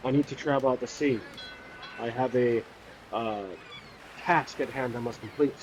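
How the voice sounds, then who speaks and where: A man doing a hushed, earnest young hero. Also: mid-range voice, fairly even intonation, moderate pace, a little hiss or hum, voice pushed down, close to an everyday voice. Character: earnest young male wandering hero, soft-spoken.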